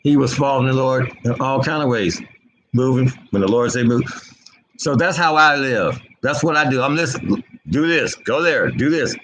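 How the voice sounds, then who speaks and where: A man giving an unscripted spiritual commentary, impassioned and repetitive, his pitch swinging between low and high. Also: normal speed, fairly bright tone, slight background noise, low-quality recording. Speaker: online preacher.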